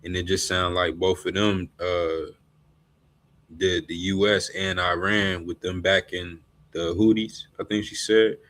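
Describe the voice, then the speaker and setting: A man taking part in a casual discussion, speaking haltingly with fillers. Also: deep voice, level tone, fairly bright tone. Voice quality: halting, hesitant speech.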